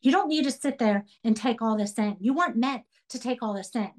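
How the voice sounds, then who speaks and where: A woman's voice: on the high side, fairly quick, a little mellow. A middle-aged woman teaching a women's Bible study, earnest and preaching with repeated questions. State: tearful while telling a story.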